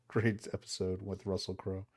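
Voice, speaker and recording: A man with a fairly low voice co-hosting a live podcast. He is easygoing and laughs often. He talks in loose, friendly chat. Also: little pitch movement, takes it slowly, darkish tone, husky. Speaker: podcast co-host. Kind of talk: casual chat.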